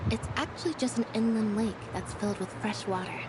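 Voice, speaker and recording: A woman voicing a quiet, withdrawn young woman in a video game, speaking softly in a subdued, wistful way. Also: on the high side, a little fast, a crowd in the background, close to an everyday voice, rough recording.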